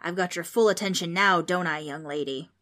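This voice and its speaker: A woman's voice: lowish voice, brisk, a bit bright, close to an everyday voice. A woman voicing a brash, boastful ghost with a folksy, mocking way of talking. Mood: taunting.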